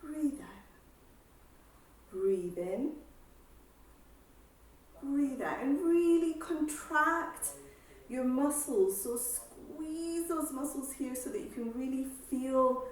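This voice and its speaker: A woman exercise instructor calmly guiding a seated breathing class, with slow breath cues and counting. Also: sits high. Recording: echoey room, voice from far off.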